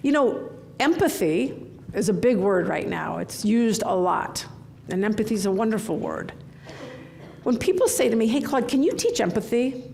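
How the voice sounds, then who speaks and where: A middle-aged woman giving a conference keynote from the stage, telling candid stories in an animated way. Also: mid-range voice, normal speed, gravelly, a little hiss or hum. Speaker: keynote speaker. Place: large conference hall.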